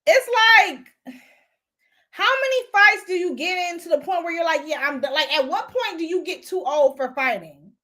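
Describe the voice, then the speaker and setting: High, bright-voiced woman gossiping bluntly. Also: expressive, normal speed. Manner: greets and answers viewers as she talks. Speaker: host. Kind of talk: casual live-stream chat.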